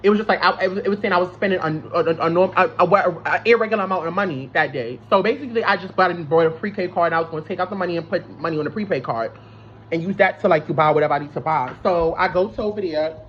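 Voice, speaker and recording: A woman's voice: lowish voice, very fast. A young woman telling a rambling, profane storytime, full of restarts and fillers. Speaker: vlogger. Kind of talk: casual storytime. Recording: slightly dull lo-fi sound with faint noise.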